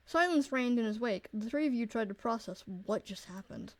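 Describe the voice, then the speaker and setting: A young woman streamer narrating a visual novel aloud, blunt and quick to swear. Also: on the high side, lively intonation, no echo.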